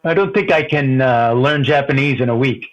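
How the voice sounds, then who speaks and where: A man's voice: mid-range voice, lively intonation, moderate pace, highs cut off, soft background music. A man calling in to a show, chatting casually, rambling and laughing often. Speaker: caller. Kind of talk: casual call-in chat.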